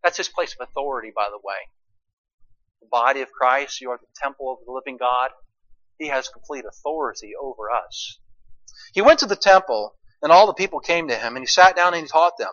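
High, bright-voiced male preacher. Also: highs cut off. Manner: swings from quiet asides to loud emphatic preaching; asks the congregation rhetorical questions. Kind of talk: sermon.

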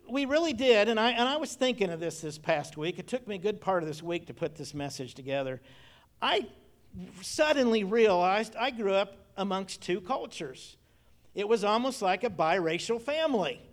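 A middle-aged male pastor delivering a sermon in a homespun storytelling manner. His voice sits a little higher than most men's, and he leans on repeated phrases as he recalls family memories.

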